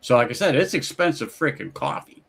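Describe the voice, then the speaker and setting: A middle-aged man hosting a casual chat, telling stories with lively quoted voices and frequent laughter. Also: mid-range voice, a little fast, vocal fry, slightly rough. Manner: storytelling, animated quoted voices, laughs often. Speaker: host.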